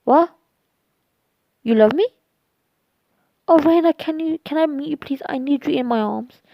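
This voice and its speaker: A woman's voice: high-pitched, measured pace, gravelly, no echo, pitched above the performer's own voice. A woman voicing an eager, pleading young vampire student in a homemade story reading, recorded dull and dry. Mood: overjoyed.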